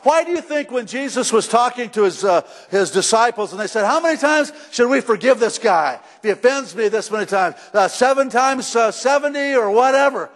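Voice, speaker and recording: A middle-aged male pastor preaching a sermon in a church, conversational and emphatic, rising to shouts at times. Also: very high voice, lively intonation, fairly quick, few pauses. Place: church sanctuary. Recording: long hall reverb.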